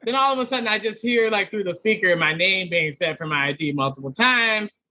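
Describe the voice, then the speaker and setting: A man, a comedian guest on a podcast, telling a story in an animated way and acting out other people's lines. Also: sits high, a little fast, a little hiss or hum.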